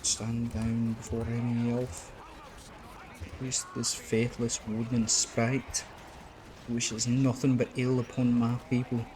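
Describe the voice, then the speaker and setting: A man voicing a stern, distrustful male dwarf warrior in a slow, put-on mock accent during game commentary. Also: mid-range voice, completely flat delivery, background noise, natural voice.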